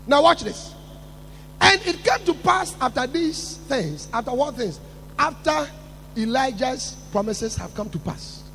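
A man preaching a sermon with emphatic build-ups, repeating words and rising to shouts. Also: very high-pitched, very animated, measured pace, creaky, slight background noise.

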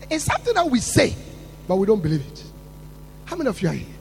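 A man delivering a sermon in a very high, lively voice that swings wide in pitch and carries a gravelly rasp. He builds emphatically, repeating words and rising toward shouts. A faint mains hum sits under the recording. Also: quick pace. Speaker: preacher.

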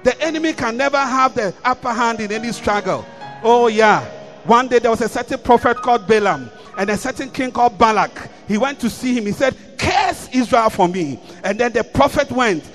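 A man's voice: very high-pitched, animated, moderate pace, fairly bright tone, long reverb tail, faint music behind. A man preaching a sermon, reading scripture and repeating key lines with rising emphasis.

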